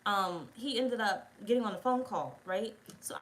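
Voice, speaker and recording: A woman's voice: mid-range voice, animated, normal speed, a bit bright, a little hiss or hum, poor audio. A woman telling a rambling story time in casual chat, blunt and full of swearing. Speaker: tarot reader.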